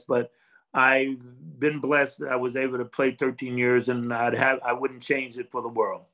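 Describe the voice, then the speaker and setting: A man's voice: medium pitch, fairly bright tone, low-quality recording. An older man, a former football player, talking as a guest in a casual interview, earnest and reflective, rambling with restarts.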